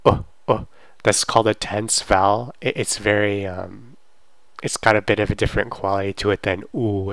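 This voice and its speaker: A man teaching a German pronunciation lesson, repeating words slowly to demonstrate them. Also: lowish voice, little pitch movement, fairly bright tone, dry recording. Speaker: language teacher.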